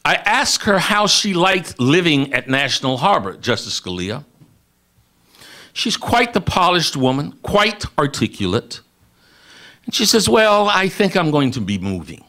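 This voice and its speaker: A man's voice: fairly high pitch, very animated, a little slow, sharp tone. A man giving an impassioned speech as a radio guest, repeatedly addressing one listener directly and building emphasis.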